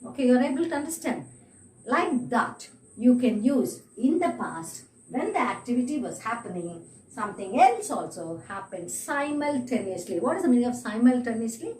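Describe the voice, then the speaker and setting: A woman's voice: a little high, big pitch swings, normal speed, a little mellow. A woman teaching an online English grammar lesson, repeating example sentences and checking in with her students. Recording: echoey room, mic at a distance.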